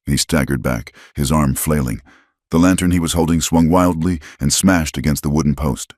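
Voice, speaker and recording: A man's voice: rumbling low, moderate pace, a little mellow, no room sound, clean studio sound. A man narrating a western story in a dramatic, scripted way.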